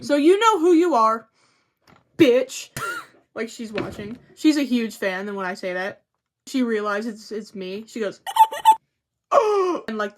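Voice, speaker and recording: A young woman vlogging to camera in a casual, rambling chat, swearing freely and joking at her own expense. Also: mid-range voice. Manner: rambling, profane, self-mocking.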